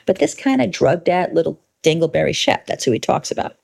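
A woman telling a personal story in an animated monologue, brash and emphatic, with playful, inventive cursing. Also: sits low, fairly quick, gravelly.

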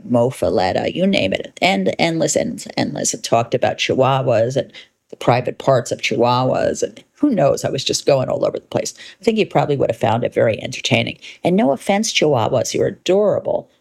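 A woman telling a personal story in an animated monologue, brash and emphatic, with playful, inventive cursing. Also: extremely low pitch, creaky.

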